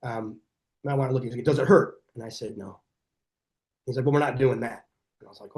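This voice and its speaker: A middle-aged man speaks as a guest on a podcast, in a voice of ordinary, middle pitch. He tells his stories with energy and acts out the voices of the people in them. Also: quick pace. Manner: energetic, animated storyteller who acts out quoted dialogue. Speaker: chiropractor guest. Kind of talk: podcast interview storytelling.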